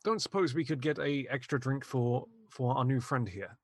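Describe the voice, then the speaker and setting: A man's voice: medium pitch, moderate pace, no room sound. A man playing a character in a tabletop game, polite and slightly formal. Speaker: player.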